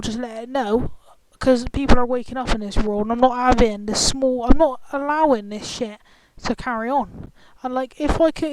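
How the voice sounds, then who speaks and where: A woman ranting in an angry, profane, confrontational vlog commentary. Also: on the high side. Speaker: vlogger. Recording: clicky, glitchy, noisy screen-recorder audio.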